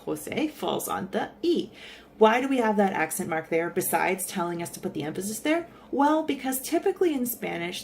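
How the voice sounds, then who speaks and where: Woman, Spanish teacher, casual online lesson, animated delivery, mid pitch. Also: slight background noise. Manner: friendly explaining, lively intonation. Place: in San Salvador.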